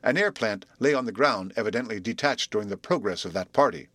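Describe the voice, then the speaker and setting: A man narrating a storybook reading in an expressive, measured way. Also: on the low side, no echo.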